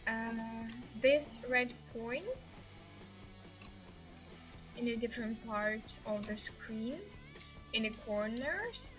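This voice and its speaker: A woman hosting a live game stream, commenting excitedly as she plays, laughing often and speaking English as a second language. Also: a little high, rough recording. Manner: excitable, laughs often, non-native grammar.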